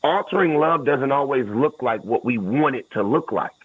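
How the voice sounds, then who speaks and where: A man's voice: medium pitch, expressive, moderate pace, a little hiss or hum. A man co-hosting a relationship podcast, speaking in an earnest, reflective way. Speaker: podcast co-host. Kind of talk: casual chat. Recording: dry, slightly dull audio.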